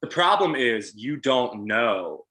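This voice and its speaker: A man's voice: mid-range voice, very animated, slow pace, bright, forceful tone, poor audio. A young man joking in casual podcast chat, blunt and dry, filling his talk with "you know.". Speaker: podcast guest.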